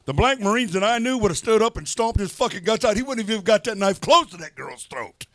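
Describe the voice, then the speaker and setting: Older guy co-hosting a podcast, high voice, swearing a lot, dry close sound. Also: animated, quick pace, a bit bright, no room sound. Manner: blunt, profane, emphatic. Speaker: podcast co-host. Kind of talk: heated casual talk.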